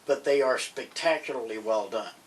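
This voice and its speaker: Man, podcast co-host, rambling and chatty, mid-pitched voice, set back from the mic, faint hiss behind. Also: moderate pace. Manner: chatty, rambling, grows excited. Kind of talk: casual chat recommending TV shows. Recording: distant mic, faint background noise.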